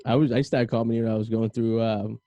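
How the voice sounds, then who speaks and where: A man with a Boston accent hosts a casual podcast chat. He rambles fast, with a dark, mellow tone and plenty of fillers. His voice sounds dry and close to the mic. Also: fairly low pitch, fairly even intonation, dry recording, lo-fi sound. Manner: rambling, storytelling, frequent fillers. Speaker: podcast host.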